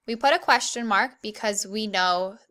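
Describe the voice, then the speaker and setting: A young woman teaching an online grammar lesson to children, clear and encouraging, reading the examples slowly. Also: medium pitch, fairly bright tone.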